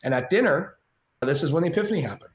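A man guest on a podcast, telling a personal story in casual chat, animated and swearing freely, acting out the voices of others. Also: fairly high pitch, quick pace. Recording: roomy echo with faint ambience.

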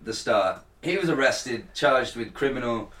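A man's voice: medium pitch, animated, unhurried, fairly bright tone, distant mic. A British-born man co-hosting a chatty podcast, blunt and sarcastic, swearing freely as he argues his point. His voice sits in a roomy, echoey space and comes from a little way off the mic. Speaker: podcast co-host. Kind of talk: casual banter.

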